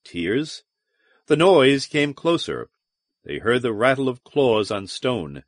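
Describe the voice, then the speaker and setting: A man narrating a science fiction audiobook in a measured, dramatic manner. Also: mid-range voice, sing-song, no echo, clean studio sound. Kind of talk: scripted narration.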